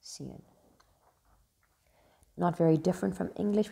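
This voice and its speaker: A woman teaches vocabulary in a relaxed, chatty way, recorded in a school. Her voice sits low with a mellow, gravelly edge. She repeats each new word slowly and cheers the listener on. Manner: chatty, encouraging, repeats words slowly to model pronunciation. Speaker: language teacher. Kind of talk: casual vocabulary lesson.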